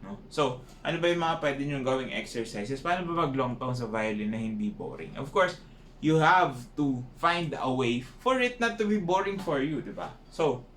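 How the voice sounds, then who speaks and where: A man's voice: mid-range voice, big pitch swings, normal speed, a bit bright. A man with a Filipino accent giving a casual violin lesson, often ending points with tag questions. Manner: mixes English and Filipino, frequent tag questions. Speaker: violin teacher. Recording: echoey room with faint noise.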